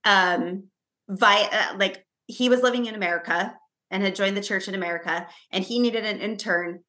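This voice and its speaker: Woman podcast co-host, bright tone, rambling casual storyteller. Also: mid-range voice, moderate pace. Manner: chatty storyteller, frequent fillers and restarts. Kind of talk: casual chat.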